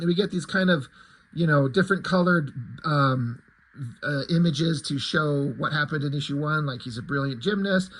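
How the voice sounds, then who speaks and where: A man's voice: a little high, moderate pace, a bit bright, husky, poor audio. A middle-aged man giving a casual comic book review, rambling, sarcastic and swearing freely.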